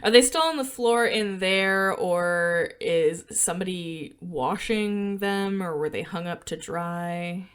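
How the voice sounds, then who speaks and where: A woman's voice: on the low side, slow pace, few pauses, smooth. A woman co-hosting a podcast, casually walking through a film scene, with fillers and small laughs. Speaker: podcast co-host.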